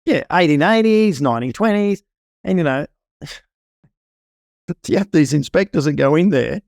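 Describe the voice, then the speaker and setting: A middle-aged man, a property inspector guest on a podcast interview, telling animated stories and acting out quotes. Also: on the high side, vocal fry, dry recording, clean studio sound. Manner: animated storytelling, acts out quotes.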